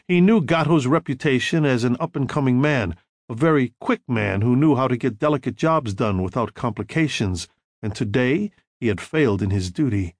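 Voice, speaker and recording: A man narrating an audiobook chapter in a measured storytelling manner, acting out the dialogue. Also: mid-range voice, no room sound, studio quality.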